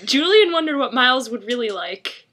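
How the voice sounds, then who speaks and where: A woman's voice: high voice, animated, normal speed, pushed and bright. A woman reading a fan story aloud with a friend, bemused and giggly, often losing track of the plot. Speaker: fanfiction reader and commenter. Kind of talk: casual mocking read-aloud.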